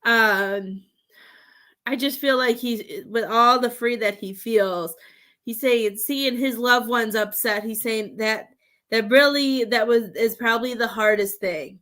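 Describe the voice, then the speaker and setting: A woman giving a live psychic reading, rambling with halting restarts and calling her sitters "love.". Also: on the high side, a bit bright. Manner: affectionate terms for sitters. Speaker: psychic medium.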